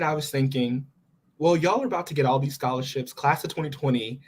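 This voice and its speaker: A young man in his twenties, a podcast guest, telling his story casually and with feeling, quoting his own thoughts. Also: mid-range voice. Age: 20s. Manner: animated, expressive retelling with quoted inner thoughts.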